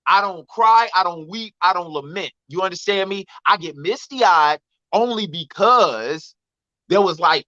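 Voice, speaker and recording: A man telling a comic story on a radio talk show, animated and emphatic, repeating his denials. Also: a little high, no echo, highs cut off. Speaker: comedian guest. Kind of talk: storytelling stand-up chat.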